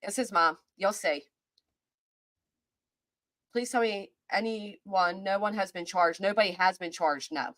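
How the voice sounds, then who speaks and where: A woman with a Kentucky accent chats through a livestream at an everyday pitch, stopping often to greet viewers by name. The room is small and dry, with the voice sitting close. She rambles, second-guesses herself and circles back to her point. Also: measured pace, pauses often, a bit bright, no room sound. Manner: chatty, greets chat viewers by name between thoughts. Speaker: host of a live-stream chat show. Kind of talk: casual live-stream commentary.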